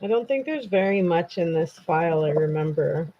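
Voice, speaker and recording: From her computer desk, a woman hosts a casual true crime livestream, chatting bluntly with viewers and swearing freely. Her voice is lowish with lively intonation at normal speed, and the highs are cut off.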